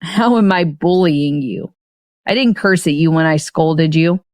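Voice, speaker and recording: A woman's voice: low-pitched, measured pace, darkish tone, dry recording, clean studio sound. A woman voicing a young father who lectures his son sternly. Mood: lecturing. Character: young man, bossy husband and father.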